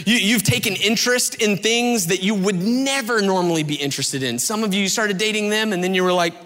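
Guy in his 30s preaching on stage, bright forceful voice, big hall echo. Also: high-pitched, a little fast. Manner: animated storytelling with many asides and fillers. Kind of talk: sermon.

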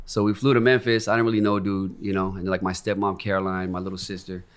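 A man's voice: low-pitched, little pitch movement, quick pace, hardly any pauses, clear, resonant tone. A middle-aged man from Venice, California, telling stories in a casual, profane, rambling podcast chat. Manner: profane, rambling storyteller who acts out quotes. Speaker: podcast co-host.

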